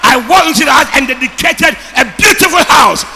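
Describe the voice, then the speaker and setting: Shouting Ghanaian preacher, very high voice. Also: male voice, expressive, brisk, gravelly, long reverb tail, a faint crowd, slight background noise. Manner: shouting, call-and-response preaching. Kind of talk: sermon. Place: church service. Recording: preaching over loud music.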